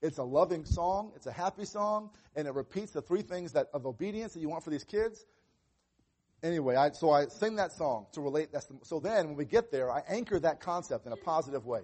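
A man with a fairly high voice preaches as a pastor. His delivery is earnest and conversational, and he breaks into short exchanges where he plays both parent and child. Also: expressive, a little fast, darkish tone, slightly rough. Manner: earnest, acts out little dialogues with children. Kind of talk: sermon on parenting.

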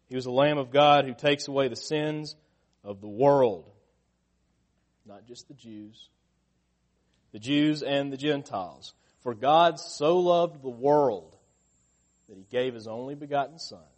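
A middle-aged man preaching a sermon, asking the listeners questions and getting louder and higher when he stresses a point.

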